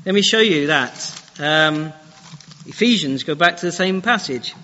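A man's voice: a little high, animated, measured pace, sharp tone. A man preaching a sermon in a church, challenging his listeners with direct questions. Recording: dull lo-fi recording with long church reverb.

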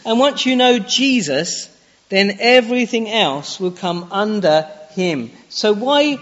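A man with a high voice preaches a sermon in a church, putting direct, challenging questions to his listeners. His words ring out with a long reverb. The recording is dull and lo-fi. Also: lively intonation, slow, a bit bright.

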